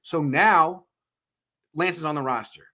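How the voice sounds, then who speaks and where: A man co-hosting a sports talk show, ranting in an emphatic, heated way and swearing as he gets excited. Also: unhurried. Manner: ranting, emphatic, swears, pitch jumps when worked up. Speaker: podcast co-host.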